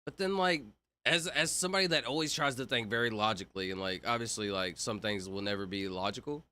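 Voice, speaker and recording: A man's voice: mid-range voice, fast, pushed and bright. A young man streaming, rambling in casual chat and full of "like" and "bro". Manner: rambling, filler-heavy, says "like" and "bro" a lot.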